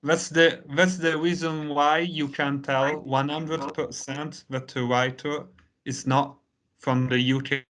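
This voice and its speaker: Italian guy teaching english online, slow and chatty, kinda high voice, lots of you-knows. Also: flat delivery, fairly bright tone. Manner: unhurried, many "you know" fillers. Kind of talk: conversational online lesson.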